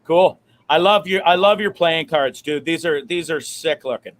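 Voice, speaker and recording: High-voiced enthusiastic male host. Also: normal speed, a bit bright. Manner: enthusiastic, slangy. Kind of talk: casual interview chat.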